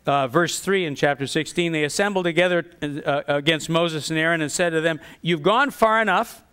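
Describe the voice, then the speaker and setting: Lively, clear-voiced male preacher. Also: on the high side, brisk. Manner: animated, acts out grumbling voices with scorn. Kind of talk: sermon.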